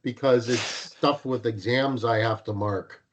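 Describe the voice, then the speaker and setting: A man's voice: medium pitch, measured pace, slight background noise. A man who teaches co-hosts a podcast in casual chat, blunt and teasing, speaking just after dental work.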